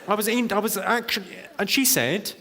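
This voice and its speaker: A man doing stand-up comedy with a deadpan delivery and working the crowd in a large theatre. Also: sits high, a little fast, slight background noise. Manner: deadpan, crowd work with the audience. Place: large theatre with a laughing audience. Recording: live theatre recording with long reverb and loud crowd laughter.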